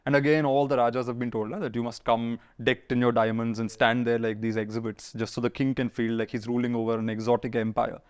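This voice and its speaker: A man's voice: medium pitch, clear, resonant tone. A man, telling history stories in an interview and acting out the people he quotes. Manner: fast, animated storyteller acting out quoted figures. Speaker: historian guest. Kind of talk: conversational storytelling interview.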